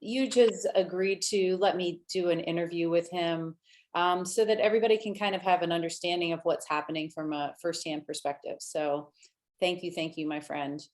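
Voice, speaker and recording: Woman host, low voice, friendly, lots of ums, casual interviewer. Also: steady tone. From United States. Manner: friendly, halting with fillers.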